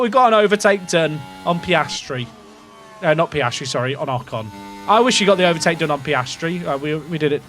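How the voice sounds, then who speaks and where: A young English gaming streamer casually commentates a racing management game, rambling and second-guessing himself as he talks to his chat. His voice is a little high with a fairly bright tone.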